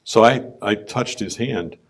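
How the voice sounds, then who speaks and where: Brief: deep-voiced businessman, storytelling testimony at a conference, folksy and conversational. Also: a little slow. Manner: conversational storytelling, clears throat often. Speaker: business owner speaking at a conference. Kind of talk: personal testimony talk.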